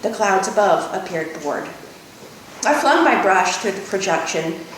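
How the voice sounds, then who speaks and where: A woman author reads her own novel in a measured first-person voice. The room rings with echo, and a faint low rumble runs beneath. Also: animated, distant mic. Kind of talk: reading her novel aloud.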